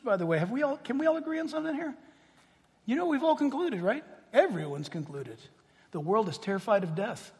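A man delivers a sermon in a strikingly high voice with a husky edge. His delivery leaps up and down as he throws rhetorical questions at the room. A long reverb trails each phrase through the large sanctuary. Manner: animated, peppered with rhetorical questions to the congregation. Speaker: pastor.

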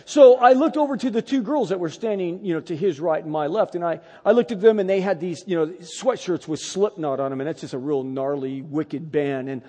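A middle-aged man preaching a sermon, telling a personal story with animated, emphatic delivery. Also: on the high side, fairly quick, hardly any pauses, in a large hall. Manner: animated storytelling, rising to loud emphatic peaks.

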